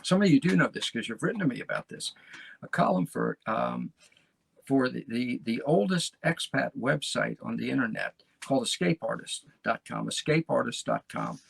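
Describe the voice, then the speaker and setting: A man's voice: mid-range voice, sing-song, moderate pace, vocal fry, slightly rough, no echo. A man from the United States hosting his podcast in a casual, rambling monologue, restarting phrases and chatting to his listeners. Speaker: podcast host.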